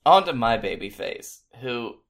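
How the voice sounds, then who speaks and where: A man's voice: mid-range voice, very animated, unhurried. A man co-hosting a casual podcast chat, laid-back and swearing casually. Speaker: podcast co-host.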